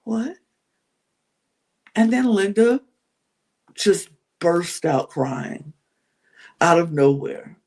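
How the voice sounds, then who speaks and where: A woman hosting a podcast, recapping a reality show in a chatty, animated way with many restarts. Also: lowish voice, slow pace, long pauses.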